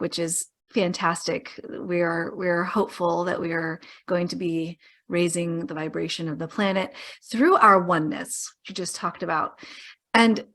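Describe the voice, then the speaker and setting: A woman's voice: on the low side, fairly bright tone. A woman hosting a podcast, asking questions in an enthusiastic, playful way. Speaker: podcast host, medium. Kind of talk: casual interview talk.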